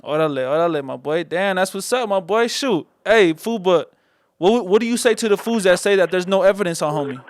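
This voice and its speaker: A man with a fairly high, smooth, resonant voice, talking in loose street slang as a call-in podcast host. The sound is close and dry, with no room around it. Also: lively intonation, brisk, no echo. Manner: slangy, repeats "my boy" and "fool" constantly. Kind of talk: casual call-in podcast chat.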